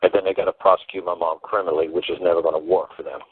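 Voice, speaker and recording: Fast-talking man on a phone line. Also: sits low, level tone, slight background noise. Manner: emphatic, rambling, repetitive. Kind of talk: call-in talk show advice. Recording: tinny dry phone line.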